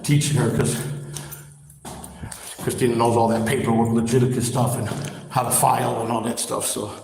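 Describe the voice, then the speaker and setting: A man's voice: mid-range voice, level tone, moderate pace, a little mellow. A man hosting a live stream while walking outdoors, blunt and heated, repeating his points. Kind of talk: walk-and-talk live stream. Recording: street traffic noise behind.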